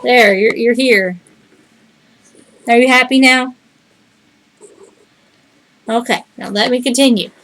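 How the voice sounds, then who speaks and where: A woman streaming a game live, reading the game's text aloud and chatting, reacting out loud and talking to her cat. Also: a little high, slow, long pauses, slight background noise, poor audio.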